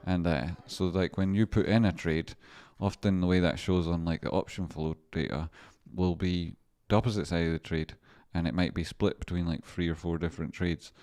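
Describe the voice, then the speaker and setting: Brief: male streamer and trader with a low voice, loose and chatty, swears freely, laughs a lot between points. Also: steady tone, normal speed, hardly any pauses, a little mellow. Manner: rambling, swearing, laughs often. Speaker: livestream stock trader. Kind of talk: casual livestream commentary.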